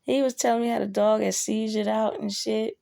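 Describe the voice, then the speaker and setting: A woman with a gravelly, dark voice tells a personal story in a slow, unhurried way. She talks bluntly and swears freely, breaking into emphatic bursts. The sound is dry and close. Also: fairly high pitch, steady tone, no echo. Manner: blunt and profane, with emphatic outbursts. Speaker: vlogger telling a personal story. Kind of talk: casual storytelling.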